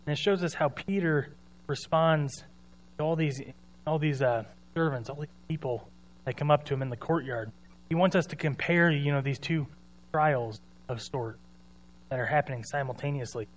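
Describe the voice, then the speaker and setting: A man's voice: on the high side, moderate pace. A man preaching a sermon in an earnest, conversational way, retelling scripture in his own words.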